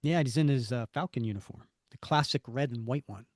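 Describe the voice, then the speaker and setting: A man's voice: medium pitch, brisk, no echo, studio quality. A man co-hosting a podcast, reading comic narration and dialogue aloud. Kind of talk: comic book read-through podcast.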